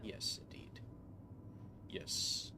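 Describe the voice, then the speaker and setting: A man's voice: drawn-out words, in a whisper. A man streaming a game, chatting casually and joking, sleepy and yawning after a late night. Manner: laid-back, jokey, chuckles often. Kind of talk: casual gaming stream chat. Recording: background game ambience noise.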